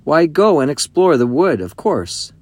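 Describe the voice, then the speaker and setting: A man's voice: a little high, big pitch swings, a little slow, a little mellow, dry recording, voice pushed up. A man voicing an eager, hearty, slightly bossy eldest schoolboy in a storybook reading.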